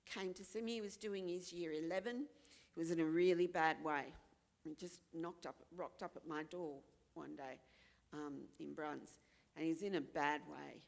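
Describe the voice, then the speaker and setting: A woman's voice: lowish voice, vocal fry, long reverb tail. Australian woman, frank and earnest, candid forum talk, repeats phrases for emphasis. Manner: acts out other people's voices when quoting. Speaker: forum speaker.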